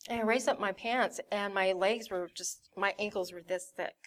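A woman's voice: medium pitch, fairly even intonation, normal speed, fairly bright tone. A young woman giving a personal testimony in a candid way, acting out her family's voices as she tells it. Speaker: church member giving a testimony.

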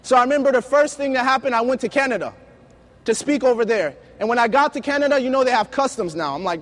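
A man preaching a sermon, telling lively personal stories and acting out the dialogue. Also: very high voice, quick pace. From United States. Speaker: youth preacher.

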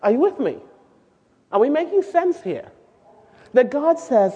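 Animated woman preaching in a reverberant hall. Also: sits high, measured pace, long pauses. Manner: animated, asks the audience questions, sings out quoted lines. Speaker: speaker at a women's gathering. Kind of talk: sermon-style teaching. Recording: dull lo-fi recording with long hall reverb.

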